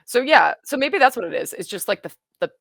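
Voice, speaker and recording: A woman in casual chat, reacting to a show she is watching for the first time, rambling and excitable, with many restarts. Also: fairly high pitch, fast talker, creaky, dry recording, clean studio sound.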